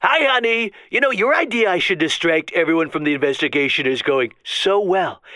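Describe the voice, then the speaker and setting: A man voicing a boastful, bumbling male president in a comedy radio sketch, rambling with a wildly swooping pitch. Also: pushed and bright, no echo, exaggerated voice. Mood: smug.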